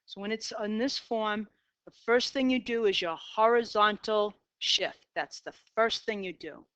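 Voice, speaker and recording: A woman's voice: mid-range voice, measured pace, a bit bright, clear, resonant tone, dry recording. A middle-aged woman with a Boston accent teaching a math class, talking herself through graph sketches in an upbeat way. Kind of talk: classroom lecture. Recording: dull lo-fi, dry.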